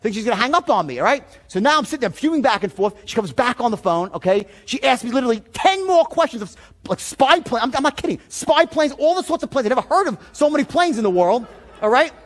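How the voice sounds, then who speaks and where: A man with a high voice gives a live sales seminar. He tells stories in an animated, profane way, jumping from loud bursts to low, confiding asides. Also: quick pace. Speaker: sales and persuasion trainer.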